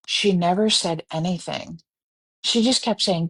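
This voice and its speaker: A woman telling a story casually on a live stream, animated and profane. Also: lowish voice, normal speed. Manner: animated, profane, breaks into screaming reenactments.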